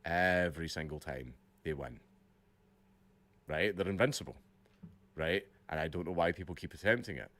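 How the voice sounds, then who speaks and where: Low-voiced blunt man reading news. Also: expressive, moderate pace, long pauses, a bit bright. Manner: blunt, profane, repeats himself. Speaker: livestream co-host. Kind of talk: reading news and commenting on a livestream.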